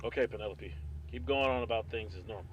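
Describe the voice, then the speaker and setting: An actor voicing a man in a video game who gives brisk instructions. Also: fairly low pitch, dull audio, slight background noise, lightly acted. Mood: instructing.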